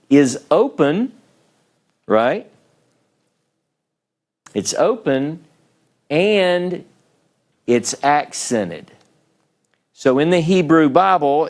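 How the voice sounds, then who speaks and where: Slow, patient man teaching a class. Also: on the high side, darkish tone. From United States. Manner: patient, explains step by step, frequent "okay?" checks. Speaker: Hebrew teacher. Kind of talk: classroom lecture at a whiteboard. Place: meeting room with a small live class.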